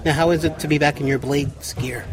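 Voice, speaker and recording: A man's voice: on the high side, steady tone, brisk, a crowd in the background. A man interviewing actors on a film set, upbeat with short reactions. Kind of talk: behind-the-scenes interview.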